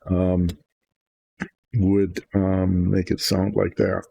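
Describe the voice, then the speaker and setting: Husky, gravelly man, casual hobby-painting host, self-mocking and indecisive. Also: low-pitched, monotone, drawn-out words, mellow, dry recording, lo-fi sound. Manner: rambling, self-deprecating, indecisive. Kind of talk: relaxed hobby chat while painting.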